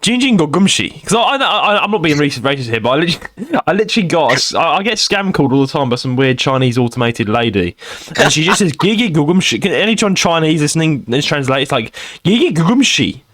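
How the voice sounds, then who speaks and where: A young man co-hosting a podcast in casual chat, telling stories excitedly and slipping into mock voices. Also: a little high, quick pace, dry recording. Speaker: podcast co-host.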